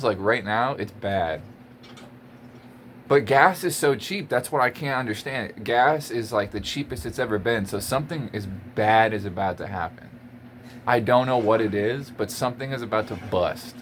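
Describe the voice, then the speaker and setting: A man ranting to his camera in an exasperated, emphatic way, repeating his points and laughing between lines. His voice sits at an ordinary pitch for a man, with a faint hum of background noise behind it. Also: fairly bright tone. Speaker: vlogger. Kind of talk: casual rant to camera.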